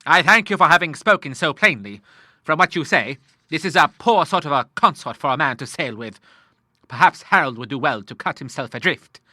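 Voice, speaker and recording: A man's voice: on the high side, expressive, fairly quick, sharp tone, no room sound, studio quality, full character voice. A man voicing a bluff, courteous old naval admiral in an audiobook, hearty and full of sea talk. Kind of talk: audiobook character voice.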